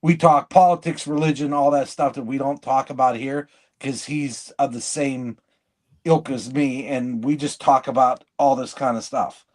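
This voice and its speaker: A man's voice: medium pitch, steady tone, normal speed, a little mellow. A man co-hosting a podcast in casual chat, rambling and blunt, often breaking off and restarting his sentences. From living in Michigan. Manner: rambling, blunt, self-interrupting. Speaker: podcast co-host.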